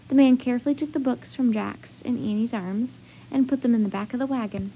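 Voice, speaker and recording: A woman storyteller reading a children's chapter book aloud with steady, expressive narration. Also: a little high, fairly quick, a little hiss or hum.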